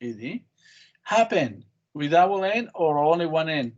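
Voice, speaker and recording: A man's voice: on the high side, sing-song, a little slow, highs cut off. A man teaching an English class, quizzing students on spelling with short, patient prompts. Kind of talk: online class drilling spelling.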